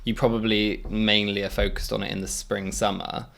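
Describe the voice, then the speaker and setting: A man's voice: on the low side, flat delivery, creaky, a bit bright. A man co-hosting a design podcast, casually agreeing and adding his own points. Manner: agreeable, quick to chime in. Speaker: podcast co-host. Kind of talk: casual chat.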